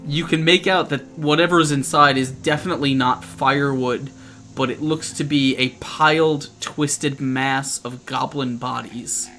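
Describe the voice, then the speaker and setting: A man running a tabletop game as game master, describing scenes in a halting way with frequent restarts. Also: medium pitch, fairly even intonation, bright, forceful tone, soft background music.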